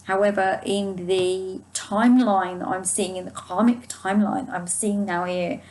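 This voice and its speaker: Woman doing a chatty tarot reading, soothing, keeps trailing off and starting over, mid pitch voice. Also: steady tone, measured pace, darkish tone, rough recording. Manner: rambling and reassuring, often restarts mid-sentence; soothing, speaks of angels guiding her. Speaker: tarot card reader. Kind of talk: casual spoken tarot reading to viewers.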